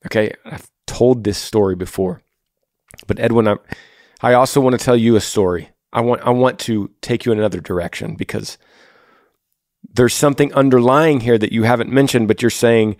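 A man's voice: mid-range voice, normal speed, a little mellow, dry recording. Guy hosting an advice podcast, earnest and direct, says things twice, super dry close sound. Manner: earnest, repeats phrases, talks straight to listener. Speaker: podcast host.

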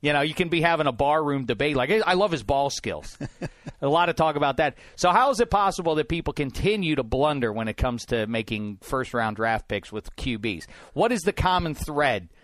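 A man from Pittsburgh hosting a sports talk show in a studio, rambling and getting more animated and emphatic as he goes. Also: on the high side, fairly quick, dry recording. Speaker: sports radio host. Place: broadcast studio.

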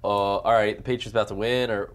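A man's voice: lowish voice, flat delivery, fast. A man co-hosting a casual podcast, joking and teasing the guest. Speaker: podcast co-host. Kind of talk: casual chat.

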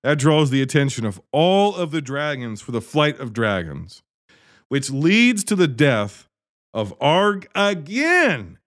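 Sarcastic, animated man recapping a movie. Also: fairly high pitch, takes it slowly. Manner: sarcastic, exasperated, swears freely, acts out characters' lines. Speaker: movie reviewer. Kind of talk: profane comedic movie recap.

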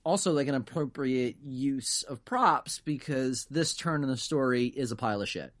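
A podcast co-host chatting casually, animated, cursing freely and laughing often. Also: mid-range voice, moderate pace. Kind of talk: casual chat.

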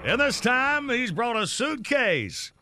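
A man, hosting a morning radio show, folksy and quick to laugh as the straight man. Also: very high voice, big pitch swings, background noise. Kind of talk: radio banter.

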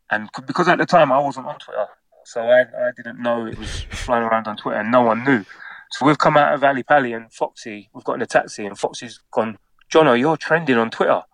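A middle-aged man from England, a former footballer, telling a casual anecdote and acting out the quotes in it. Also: medium pitch. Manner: animated storyteller, acts out quotes.

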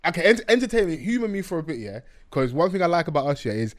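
A man's voice: on the high side, dry recording. A young man hosting a podcast, chatting casually with slang and jokes into a close mic. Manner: quick, animated and joking, heavy with slang. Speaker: podcast host.

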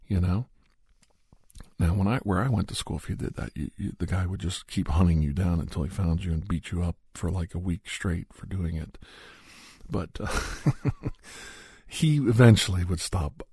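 A man's voice: sits low, normal speed, mellow, breathy edge, dry recording, studio quality. A man talking casually and at length, giving advice in a rambling, conversational way and acting out quotes. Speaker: advice giver.

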